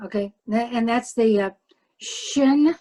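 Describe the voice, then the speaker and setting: Lady student sounding out hebrew letters, slow, lots of ums, kinda high voice. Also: poor audio. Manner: hesitant, slow, many fillers, repeats after teacher. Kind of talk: language lesson practice.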